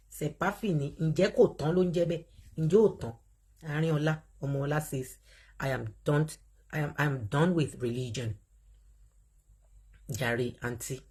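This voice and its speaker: A Nigerian woman hosts a live online chat, her voice husky and a touch breathy. She talks in an animated way, addresses her viewers directly and reads their comments aloud between her own remarks. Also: extremely low pitch. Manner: animated, talks straight to viewers, laughs often. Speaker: livestream host.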